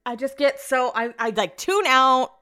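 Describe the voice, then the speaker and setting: A woman's voice: sits high, animated, a little slow, pushed and bright, no echo, clean studio sound. A woman hosting a casual solo podcast, venting about her day and swearing freely as she rambles, recorded in her home office. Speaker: podcast host.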